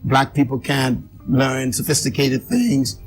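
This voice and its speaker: A man recounting his life story as an interview guest, emphatic, with repeated phrases and dramatic pauses. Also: mid-range voice, lively intonation, soft background music, poor audio.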